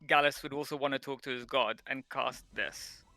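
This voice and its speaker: A man's voice: mid-range voice, steady tone, normal speed, bright, forceful tone, faint music behind. A man talking casually as a player at a tabletop game, rambling and restarting his sentences.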